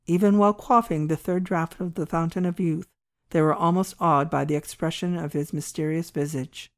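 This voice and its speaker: A woman narrating a classic short story in a measured, expressive storytelling manner. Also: sits low. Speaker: audiobook narrator.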